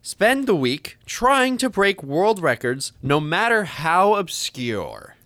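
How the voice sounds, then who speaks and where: A man co-hosting a casual podcast, rambling through stories and asides. His pitch bounces around a lot as he talks. The sound is close and dry, with no room echo. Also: takes it slowly. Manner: rambling, animated storytelling with trailing asides. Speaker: podcast co-host. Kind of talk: casual chat.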